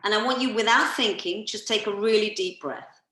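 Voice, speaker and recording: A woman massage therapist leading a workshop, calmly coaching listeners through guided breathing on a video call. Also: medium pitch, fairly quick, roomy sound, low-quality recording.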